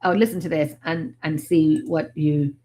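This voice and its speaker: An Irish woman talking over a video call in an excitable, rambling way. She trips over her words and circles back as she goes. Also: deep voice, normal speed. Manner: excitable, rambling, many restarts. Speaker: paranormal investigator. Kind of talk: casual chat on a video call.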